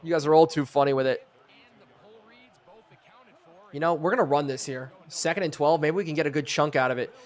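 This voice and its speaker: A man's voice: fairly high pitch, steady tone, fairly quick, pauses often. A man live-streaming a football video game, calling plays in a sportscaster style and chatting with viewers. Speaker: streamer and host.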